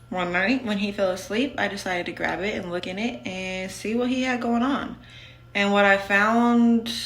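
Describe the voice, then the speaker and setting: A woman's voice: mid-range voice, fairly bright tone. Blunt, candid woman in a roomy space. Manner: candid and blunt, with many fillers of "like". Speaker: vlogger telling her own story. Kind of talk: casual storytime monologue.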